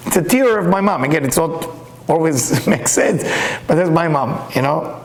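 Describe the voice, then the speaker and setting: A man teaching a Kabbalah class, reading Hebrew texts aloud and explaining them with lively stories. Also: on the high side, moderate pace. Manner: animated, reads Hebrew text aloud and explains it. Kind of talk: lecture with storytelling. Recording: echoey room.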